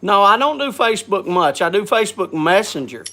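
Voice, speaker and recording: A man's voice: high-pitched, sing-song, bright, forceful tone. A man hosting a casual live chat, congested from a cold, coughing and often restarting his sentences. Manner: halting, restarts with repeated words. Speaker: host.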